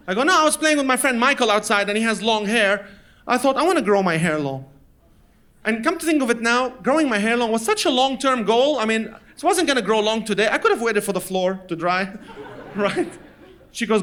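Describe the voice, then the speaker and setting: A man's voice: extremely high pitch, lively intonation, normal speed, sharp tone. A man from Lebanon performing a stand-up comedy set, telling stories and acting out his parents in voices. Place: comedy stage before a laughing audience.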